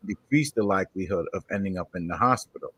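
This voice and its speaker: A man's voice: sits low, fast, a bit bright, breathy edge, dry recording. A man, co-hosting casual chat in a laid-back, wisecracking way. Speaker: co-host.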